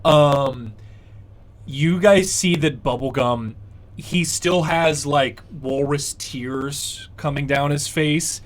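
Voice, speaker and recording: A man's voice: fairly high pitch, slow pace. A man running a tabletop game as dungeon master, patiently explaining the rules and narrating the scene, with many fillers along the way.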